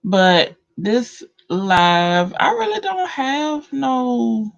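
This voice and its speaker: A woman's voice: a little high, big pitch swings, extremely slow, gravelly. A woman with a Southern accent chatting casually with viewers on a livestream, slangy and loose. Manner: slangy, laid-back, talks to chat. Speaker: livestream host. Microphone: phone. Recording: dull lo-fi phone audio.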